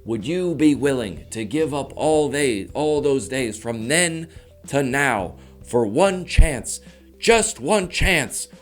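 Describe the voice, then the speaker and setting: A comedian putting on a stirring warrior leader's battle speech, slow and swelling, without managing an accent. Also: male voice, medium pitch, expressive, soft background music. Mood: rousing. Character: rousing warrior leader, grown man, stirring.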